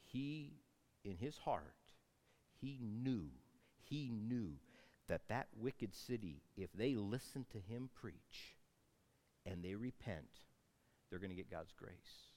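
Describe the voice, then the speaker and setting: A man preaching a sermon, telling a Bible story with animated swings between loud outbursts and hushed asides. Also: lowish voice, slow, long pauses, long reverb tail. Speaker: pastor.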